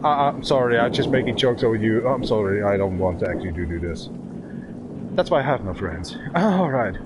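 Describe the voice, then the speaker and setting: Here the German streamer in his thirties sounds fairly low and expressive, bantering casually in accented, halting English while drifting in a driving game. Car noise fills the stream, and he talks into a desk microphone.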